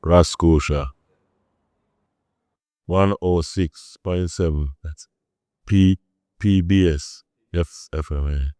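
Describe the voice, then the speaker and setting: A man's voice: low voice, fairly even intonation, slow, long pauses, mellow, smooth, no echo, studio quality. A man with a Jamaican accent, speaking in patois as a dancehall deejay giving an interview and chanting a radio jingle. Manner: rhythmic patois, chanting and laughing. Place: studio.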